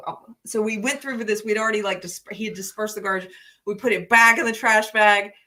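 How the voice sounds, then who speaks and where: A woman hosting a livestream, telling a story in a casual, animated way and laughing often. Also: medium pitch, fairly quick. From United States. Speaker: host.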